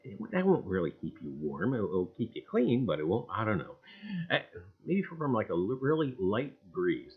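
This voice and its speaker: Animated man hosting a livestream. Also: mid-range voice, normal speed, husky. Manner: loud, sing-song greetings to chat viewers, dropping to mumbled asides; repeats catchphrases, "I tell you what". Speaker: livestream host. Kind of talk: casual livestream chat. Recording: dull, lo-fi livestream audio.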